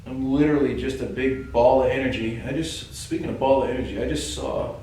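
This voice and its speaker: Boston-accented male investigator, earnest and coaxing; roomy echo, distant mic, light hiss. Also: mid-range voice. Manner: calm, coaxing, earnest, addressing an unseen presence. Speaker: paranormal investigator. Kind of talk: calling out to a spirit in a ghost hunt. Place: old building at night, indoors. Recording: very echoey room, distant mic, faint hiss.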